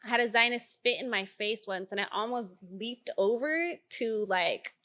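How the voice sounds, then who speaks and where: A woman's voice: a little high, moderate pace. A woman, an activist guest telling blunt, profane stories in a candid interview. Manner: blunt, profane, animated storytelling.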